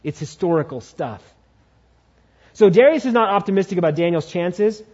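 A male pastor preaching a sermon, driving his point home by repeating key phrases, with dramatic swings in pitch. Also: lively intonation, normal speed, darkish tone, husky. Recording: dull lo-fi sound.

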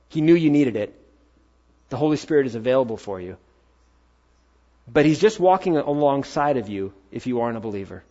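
A male pastor delivering a sermon in a middle-pitched voice. He fires punchy rhetorical questions and swings between loud urging and quiet asides. The sound is dull and slightly muffled.

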